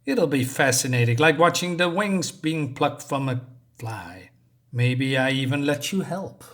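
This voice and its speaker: A man doing a slow, coaxing creepy stalker. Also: mid-range voice, expressive, a bit bright.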